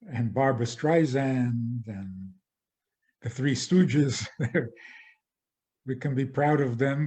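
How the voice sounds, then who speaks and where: A man, a rabbi, giving a spoken lecture in a measured way, often restarting and repeating phrases. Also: mid-range voice, warm tone.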